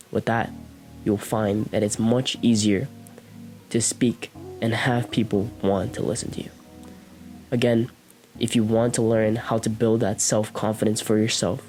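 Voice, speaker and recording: A man's voice: fairly low pitch, darkish tone. A young man hosting a self-improvement video, giving direct spoken advice on how to talk to people. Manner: direct, coaching tone with demonstrations of speech. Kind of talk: instructional talk to camera.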